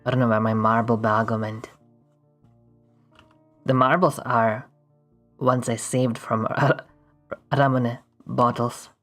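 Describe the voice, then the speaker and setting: A woman's voice: very deep voice, little pitch movement, takes it slowly, long pauses, faint music behind. A woman streaming while she draws, chatting casually with viewers in a playful, goofy way and often laughing. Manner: playful and goofy, breaks into laughs and silly voices. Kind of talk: casual livestream chat while drawing.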